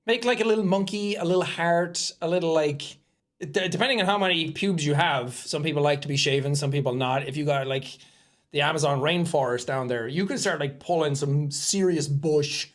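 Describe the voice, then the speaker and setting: Man, podcast co-host, casual comedy chat, giggly, animated, crude jokes. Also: a little high, a little fast.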